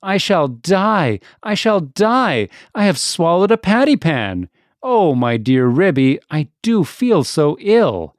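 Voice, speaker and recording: A man's voice: medium pitch, sing-song, unhurried, a little mellow, no room sound, studio quality. A man voicing an anxious, fussy female dog guest who whimpers and frets. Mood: wailing.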